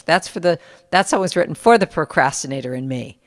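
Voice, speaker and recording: A middle-aged woman in a casual conversation, telling stories and acting out what people said in lively bursts. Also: lowish voice, a little fast, in a large hall. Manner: animated storyteller, acts out quotes. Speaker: musician guest.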